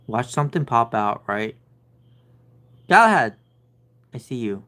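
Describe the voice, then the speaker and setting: A woman streamer chatting casually at home in an unhurried way. Her pitch swings widely as she coos and calls out excitedly to her cat. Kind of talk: casual live-stream chat.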